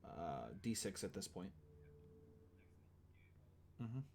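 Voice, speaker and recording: A low-voiced man running a tabletop game as game master, casual and full of fillers. His pitch moves a lot, and a faint noise sits under his voice. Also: very animated, slow, vocal fry, a little mellow. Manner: casual, filler-heavy, apologetic.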